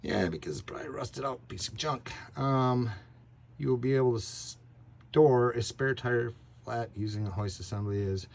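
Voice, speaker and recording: This DIY car repair video host, a man with a medium-pitched voice, rambles casually through a how-to. He says "um" a lot and laughs at his own crude jokes, all captured on a camera mic next to a van.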